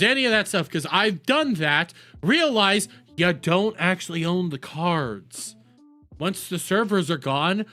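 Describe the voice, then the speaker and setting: A man streaming a reaction video, talking casually with profanity and mockery, jumping from shouts to low mutters. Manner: loud, profane, mocking, swings between shouts and mutters. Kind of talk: casual livestream reaction commentary.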